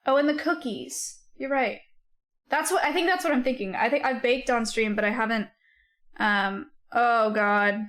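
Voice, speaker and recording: Chatty woman streamer with a fairly high voice. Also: moderate pace, a bit bright. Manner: chatty, reacting aloud to comments and clips. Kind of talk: casual chat with live viewers.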